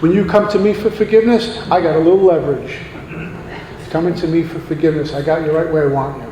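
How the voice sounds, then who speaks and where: A man's voice: fairly high pitch, fast, mellow. A man speaking at a recovery meeting in an earnest, sermon-like way, full of rhetorical questions. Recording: echoey hall, faint background noise.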